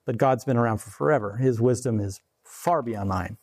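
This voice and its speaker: A man's voice: mid-range voice, darkish tone. A man in his forties giving a casual, conversational sermon and chuckling between points. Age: 40s. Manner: conversational, chuckling, slows down to read scripture. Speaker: preacher.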